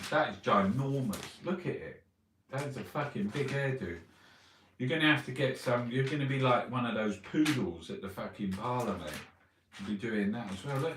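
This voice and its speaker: A man's voice: mid-range voice, distant mic, background noise. Sweary man in a roomy echo. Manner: sweary, ranting, mocking asides. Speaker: vlogger reviewing newspapers. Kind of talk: casual newspaper review, reading headlines aloud. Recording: roomy echo, voice set back from the mic.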